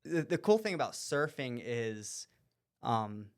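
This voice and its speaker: Animated, laughing male podcast host. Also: medium pitch, slow pace, clean tone. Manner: animated storyteller, laughs often, trails off into asides. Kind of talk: casual conversation.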